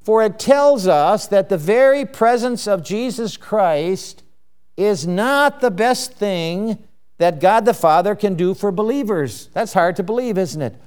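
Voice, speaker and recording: Slow, high-voiced man preaching. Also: expressive, darkish tone, clean tone. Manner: deliberate, explanatory, rhetorical questions to listeners. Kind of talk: slow expository sermon.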